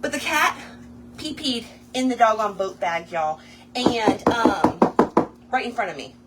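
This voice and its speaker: A fairly high-pitched woman talks a little slowly over slight background noise. As host of a craft livestream, she crafts while telling a casual story, animated and chatty, speaking to viewers as y'all.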